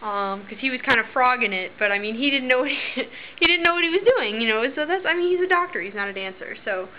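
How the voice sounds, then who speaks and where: A woman's voice: high-pitched, animated, fast talker. A young woman vlogging in casual chat, rambling and voicing the people in her stories. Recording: slightly dull lo-fi recording.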